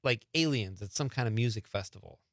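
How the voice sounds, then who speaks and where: A man hosting a casual radio talk show in a studio, upbeat and chatty with quick follow-up questions. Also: fairly low pitch, expressive, no room sound.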